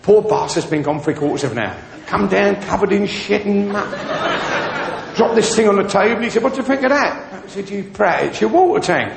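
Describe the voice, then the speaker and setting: A stand-up comedian with a strikingly high voice that leaps around as he tells crude jokes. He keeps jumping into little character voices mid-story. He is recorded live in a very echoey venue, with a loud audience laughing behind him. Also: animated, a little fast, creaky, very noisy. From England. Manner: bawdy joke-telling, slipping into character voices.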